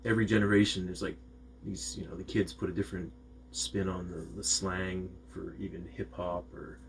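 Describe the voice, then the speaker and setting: A man's voice: low voice, flat delivery, moderate pace, vocal fry, background noise. A man from Maine co-hosting a music reaction video, chatting in a rambling, laid-back way with lots of slang. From Maine, USA. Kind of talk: casual reaction chat.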